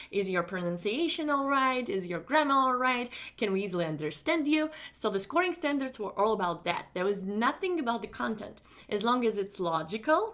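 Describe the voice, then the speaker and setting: Upbeat, high-pitched woman teaching a lesson. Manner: emphatic, repeats reassurances, lively pitch jumps on key words. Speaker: online English test-prep teacher. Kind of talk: recorded lesson, explaining to students.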